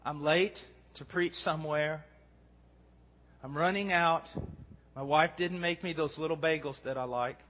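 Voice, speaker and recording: A middle-aged man preaching a sermon, earnest, swinging from hushed tones to shouting. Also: fairly high pitch, unhurried, pauses often. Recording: dull recording in a long-reverb hall.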